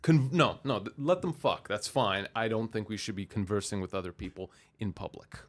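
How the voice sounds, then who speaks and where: A man's voice: lowish voice, moderate pace. Young man telling profane stories. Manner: profane, animated storytelling. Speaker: podcast co-host. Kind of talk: casual chat.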